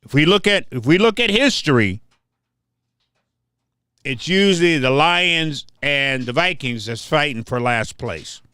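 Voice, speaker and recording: A man's voice: a little high, lively intonation, unhurried, pushed and bright, clean tone, no echo, studio quality. An older man hosting a livestream, ranting casually and trash-talking viewers, often repeating his words. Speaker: livestream host.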